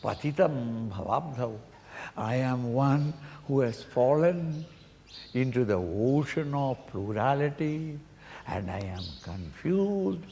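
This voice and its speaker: An older man giving a slow spiritual discourse, acting out pleading cries and chuckling as he explains a hymn. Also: medium pitch, animated, dark tone. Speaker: swami teaching a Sanskrit hymn. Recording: reverberant hall, faint noise.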